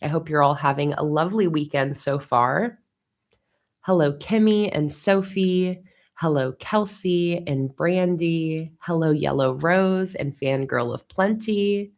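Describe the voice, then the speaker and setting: Low-voiced woman hosting a chatty livestream. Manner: greets viewers by name, upbeat and chatty. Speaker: livestream host. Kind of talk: casual livestream chat. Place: at her desk.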